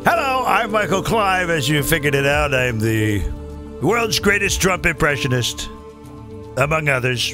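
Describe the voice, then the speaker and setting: A middle-aged man hosting his own show as a comedian and impressionist, talking in a chatty, self-mocking ramble full of quick asides. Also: fairly high pitch, sing-song, over music. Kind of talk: casual rambling monologue.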